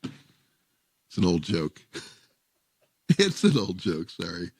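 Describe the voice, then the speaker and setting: A man's voice: low voice, huge pitch swings, slow, gravelly, a little mellow, husky. A man, a former show host, chatting casually and telling jokes, laughing often and acting out the voices in his stories. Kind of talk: casual comedic chat and storytelling.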